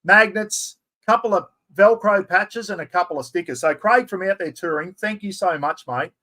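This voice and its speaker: A man in his fifties with an Australian accent, excitedly hosting a chatty live stream giveaway and poking fun at himself. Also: high-pitched, moderate pace. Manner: excitable, chatty, self-mocking.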